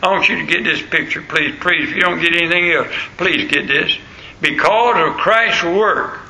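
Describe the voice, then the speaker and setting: A man's voice: high-pitched, pushed and bright. A man preaching a sermon as pastor, emphatic, repeating phrases for stress. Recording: roomy echo.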